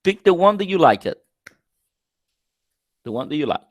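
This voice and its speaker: Spanish-speaking guy teaching english grammar over a video call, dry close sound, repeats examples slow. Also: on the high side, sing-song, no room sound. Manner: repeats example sentences slowly, asks class questions. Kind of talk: live online class lecture.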